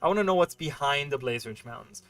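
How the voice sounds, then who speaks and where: A man talks through a game on a livestream in loose, rambling chat, full of fillers and checking in with "right?". His voice sits a little on the high side for a man. He breaks off now and then to answer questions from chat. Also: lively intonation, fast talker, a bit bright. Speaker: game streamer.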